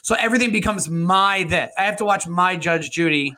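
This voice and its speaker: A man's voice: high-pitched, a little fast, sharp tone. A man co-hosting a comedy podcast, chatting casually, laughing often and jumping from one topic to the next. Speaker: podcast co-host.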